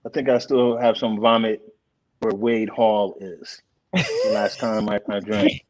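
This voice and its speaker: A man in a casual chat, lively and teasing, often cutting in on others. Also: lowish voice, a little slow, rough recording.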